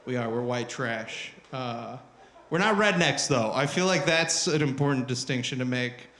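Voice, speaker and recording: A young man performing a crude, self-mocking stand-up comedy set on a club stage, shouting at the crowd and slipping into loud mocking voices, with the audience laughing in the background. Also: medium pitch, lively intonation, moderate pace. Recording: roomy live club sound.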